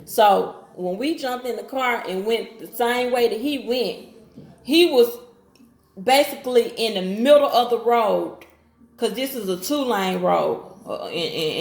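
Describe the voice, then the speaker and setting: A woman's voice: medium pitch, creaky, echoey room. A woman telling a personal story in a casual, rambling way, restarting sentences as she goes. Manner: rambling, restarts and acts out dialogue.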